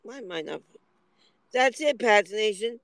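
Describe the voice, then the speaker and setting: A man's voice: sits high, animated, a little slow, gravelly, a bit bright, no echo, poor audio. A man rambling through a livestream monologue from a parked car in the hot sun, complaining and aggrieved, at times tearful.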